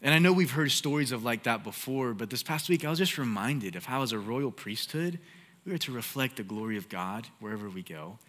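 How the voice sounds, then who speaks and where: A man's voice: medium pitch, animated, brisk, a bit bright, big-room sound. A young man preaching a sermon in a casual, conversational way, often saying "like".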